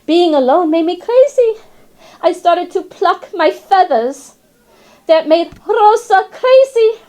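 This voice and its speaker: A woman's voice: extremely high pitch, lively intonation, takes it slowly, mellow, heavily acted. A woman voicing a chatty, wry female classroom parrot in storybook narration, slipping into rhymes and Spanish words. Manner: rhyming, sly asides, tosses in Spanish words.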